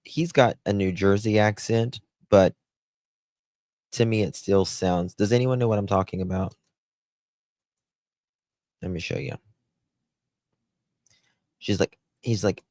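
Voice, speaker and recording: Deep gravelly man chatting live. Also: slow, pauses often, a little mellow, no echo. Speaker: host of a live true-crime stream. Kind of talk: live-stream commentary.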